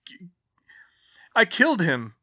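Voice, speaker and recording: A man's voice: medium pitch, normal speed, pushed and bright, natural voice. A man voicing an injured teenage boy wizard who stammers and speaks through pain in a storybook reading. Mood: panicked. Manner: stammering, pained.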